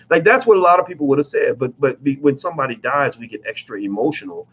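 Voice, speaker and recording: A man's voice: fairly high pitch, animated, fast talker, few pauses, fairly bright tone, husky, highs cut off. A man giving blunt, emphatic commentary in a casual vlog, talking straight to his viewers with plenty of profanity.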